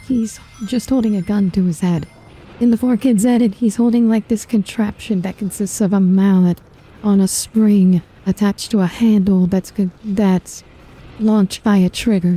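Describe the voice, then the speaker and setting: Woman, very dark mellow voice, confident, detailed trivia, casual stream chat. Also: mid-range voice. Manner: confident, trivia-heavy, corrects others.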